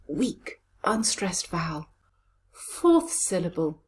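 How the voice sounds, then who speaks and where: A woman coaching pronunciation, breaking words into syllables and sounds and saying them slowly and deliberately. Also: lowish voice, big pitch swings, a little mellow. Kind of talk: pronunciation lesson.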